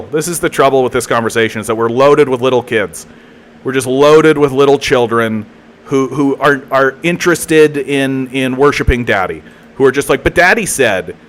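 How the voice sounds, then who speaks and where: A man's voice: mid-range voice, moderate pace. A Canadian man ranting heatedly on a live political stream, swearing a lot, mocking and repeating himself. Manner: profane, heated, mocking, lots of filler and repeats.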